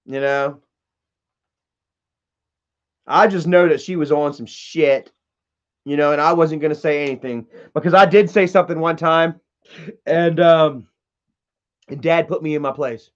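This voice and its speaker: Blunt high-voiced man on a livestream. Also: steady tone, unhurried, long pauses. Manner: blunt and profane, reads chat comments aloud. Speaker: livestream host reading chat. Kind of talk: candid casual livestream rant. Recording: dull lo-fi stream audio.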